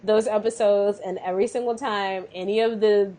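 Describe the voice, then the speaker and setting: A woman's voice: medium pitch, normal speed. A woman co-hosting a podcast, chatting casually and laughing often. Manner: giggly, expressive. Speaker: podcast co-host. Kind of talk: casual chat.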